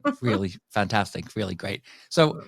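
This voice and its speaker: A man's voice: lowish voice, big pitch swings, normal speed, gravelly, no room sound, studio quality. An English man hosting a casual interview, effusive and gushing with praise for his guest. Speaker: podcast host.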